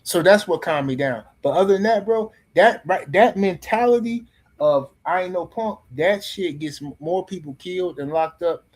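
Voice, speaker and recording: A middle-aged man on a podcast panel tells a story casually, in a blunt, profane and animated way, often restarting his sentences. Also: high-pitched, moderate pace.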